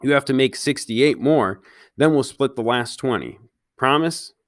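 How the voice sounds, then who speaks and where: A man's voice: medium pitch, measured pace, a bit bright, no echo, lightly acted. A man voicing a proud, guarded street boy who speaks in short, curt lines.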